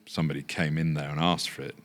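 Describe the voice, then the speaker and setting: An older man from Yorkshire, a business founder telling relaxed anecdotes with many fillers. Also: extremely low pitch, quick pace. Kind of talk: anecdotal chat.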